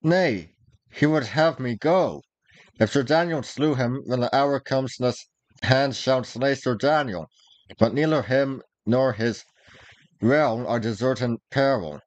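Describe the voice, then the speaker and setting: A man's voice: mid-range voice, takes it slowly, no echo, close to an everyday voice. A man reading aloud, voicing a proud, hot-tempered young male outlaw archer in old-fashioned speech. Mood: passionate. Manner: archaic, old-fashioned speech, forceful outbursts.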